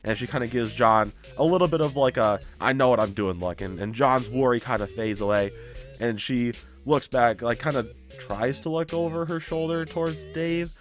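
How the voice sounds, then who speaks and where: A man with a middle-pitched voice recaps a story in a casual, animated way. He jumps into quick character voices as he goes. A faint bed of music plays under him. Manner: animated, acts out characters' lines. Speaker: YouTuber.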